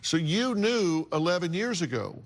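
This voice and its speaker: A man's voice: high-pitched, big pitch swings, moderate pace. A man hosting a confrontational TV talk show, lecturing guests in a blunt, emphatic way.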